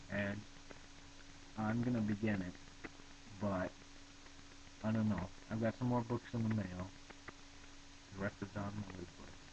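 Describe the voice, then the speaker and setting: A man giving casual book commentary into his webcam, chatty and reading aloud from the novel. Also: fairly low pitch. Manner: chatty, reads aloud and laughs at passages. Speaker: book vlogger. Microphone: built-in webcam mic. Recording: dull noisy webcam audio.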